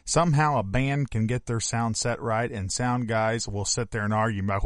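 Wisecracking bandmate in dry close sound. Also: male voice, medium pitch, fairly even intonation, no echo. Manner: chimes in with quick wisecracks. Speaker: band member, co-host. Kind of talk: casual chat.

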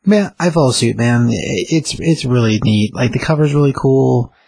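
A man with a gravelly, raspy voice talks comics in a relaxed, agreeable way. The sound is close and dry, with no room around it. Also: mid-range voice, normal speed, no room sound. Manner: relaxed, brief agreeing replies. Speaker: comic book reviewer. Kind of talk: casual chat.

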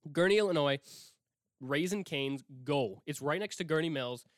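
A young man from Milwaukee rants on his own podcast, cursing freely and swooping wildly up and down in pitch. He lurches between loud outbursts and near-whispered asides. The sound is close and dry, with no room around him. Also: normal speed, no room sound. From Milwaukee, Wisconsin. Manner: profane, excitable, swings between shouting and whispering. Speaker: podcast host. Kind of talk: casual solo rant.

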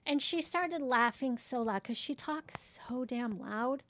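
Front desk woman, blunt and exasperated, fairly high voice, dry close sound. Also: animated, measured pace, a bit bright, no echo. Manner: blunt, exasperated storytelling acting out dialogue. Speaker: medical office front desk worker. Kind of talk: casual chat.

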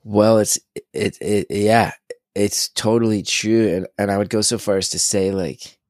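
Brief: man in his thirties, low voice, excitable casual storyteller, dry close mic. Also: a little slow, no echo. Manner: animated, excitable storyteller, swears freely. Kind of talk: casual conversation.

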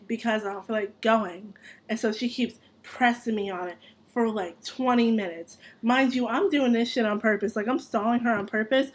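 Young adult woman host, slightly high voice, animated and profane casual storyteller. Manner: animated, profane, laughs through her story.

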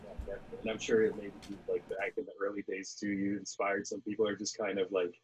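A man hosting a casual interview chat, relaxed and agreeable. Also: lowish voice, quick pace, muffled recording, slight background noise.

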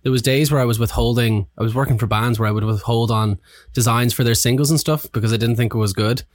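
Relaxed Irish man hosting a chat. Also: mid-range voice, dry recording, studio quality. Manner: relaxed, joking, quick agreement. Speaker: podcast host. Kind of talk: casual interview chat.

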